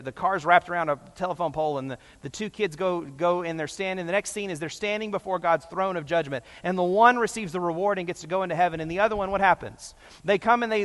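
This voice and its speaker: Man preaching, emphatic, high-pitched, long reverb. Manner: passionate, emphatic, swings between loud and hushed. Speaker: pastor. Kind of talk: sermon.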